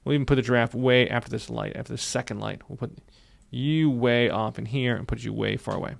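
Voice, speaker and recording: Fast-talking man with a gravelly voice. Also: medium pitch. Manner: upbeat, repeats phrases while narrating clicks. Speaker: software instructor. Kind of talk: screen-recorded tutorial.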